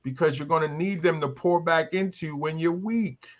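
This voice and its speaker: A man in his fifties leads a candid panel talk, making his points through stories and by acting out other people's voices. His voice sits a little high for a man. The stream audio is dull and lo-fi. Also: moderate pace. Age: 50s. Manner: storytelling, acts out voices of others. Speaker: talk show host.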